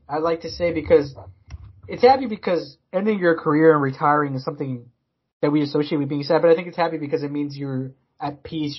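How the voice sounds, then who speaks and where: A man's voice: a little high, husky, dull audio. A man co-hosting a casual sports podcast, rambling with many fillers and restarts. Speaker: podcast co-host.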